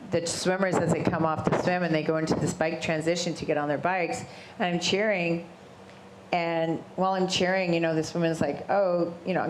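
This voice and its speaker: Middle-aged woman, interview guest, lively storyteller who acts out quoted voices, low voice with faint background noise. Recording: roomy echo with faint ambient noise.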